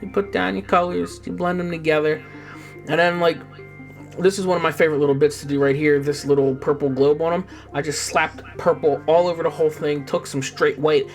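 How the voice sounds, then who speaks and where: A man's voice: a little high, fairly even intonation, a little fast, soft background music. A young man who paints miniatures, chatting casually and rambling with jokes and swearing, often trailing off.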